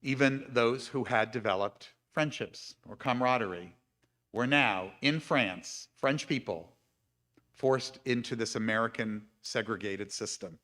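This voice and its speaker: Bright-voiced man reading at a service. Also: fairly low pitch, moderate pace. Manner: reads quoted passages with asides and light laughs. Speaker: speaker at a humanistic congregation service. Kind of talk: reading aloud and commenting in a talk. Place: congregation service streamed live.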